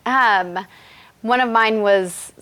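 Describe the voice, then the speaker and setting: Candid woman with a slightly high voice. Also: takes it slowly, a bit bright, smooth. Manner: candid, self-deprecating, laughs while talking. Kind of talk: casual chat.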